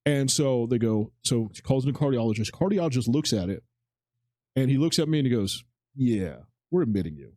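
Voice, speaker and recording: A man in his forties talks at a quick clip, tumbling from one point to the next as he tells a personal story on a podcast. His voice sits dark and mellow, and the sound is dry and close with no room around it. He acts out other people's lines as he goes and lets a casual swear slip now and then. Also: mid-range voice, no echo. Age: 40s. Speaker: podcast co-host. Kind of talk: casual chat.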